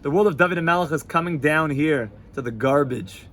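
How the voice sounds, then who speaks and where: Animated rabbi with a slightly high voice. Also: male voice, fairly quick, few pauses, a little hiss or hum. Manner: animated, swings from loud to hushed, laughs easily; sprinkles Yiddish and Hebrew terms into casual speech. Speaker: rabbi teaching a class. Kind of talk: informal Torah class. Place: yeshiva study hall.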